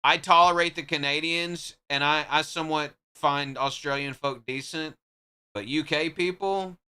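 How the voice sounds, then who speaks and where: A man's voice: a little high, steady tone, normal speed, bright, forceful tone, clear, resonant tone. A man streaming live, trading joking, profane banter with his chat in casual talk.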